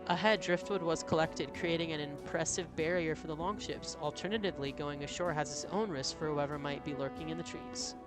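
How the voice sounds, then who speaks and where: A man's voice: on the high side, fairly quick, few pauses, over music. A man reading a story game aloud as a streamer, with casual, self-mocking asides.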